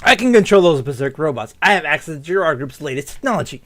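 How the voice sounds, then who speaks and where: A man's voice: fairly high pitch, big pitch swings, quick pace, a bit bright, a little hiss or hum. A man voicing a spoiled, bitter young heir who talks in a sneering, defensive way. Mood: threatening.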